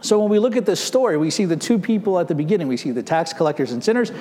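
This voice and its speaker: A man's voice: high-pitched, expressive, rapid-fire, dark tone, a little hiss or hum. A male pastor preaching a sermon in a church, explaining the story step by step and checking in with "right?". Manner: explanatory, asks "right?" to check listeners follow. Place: church sanctuary. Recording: long church reverb.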